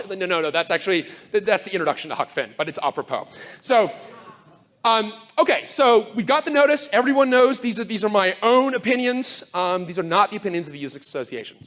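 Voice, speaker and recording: A man giving a conference talk to a live audience, sardonic and animated, full of fast asides and mock quotes. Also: high-pitched. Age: older. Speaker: conference speaker.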